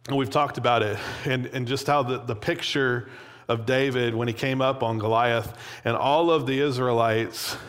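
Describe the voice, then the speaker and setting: A man preaching a sermon in a relaxed, conversational way, with plenty of casual fillers. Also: medium pitch. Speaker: pastor. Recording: long hall reverb.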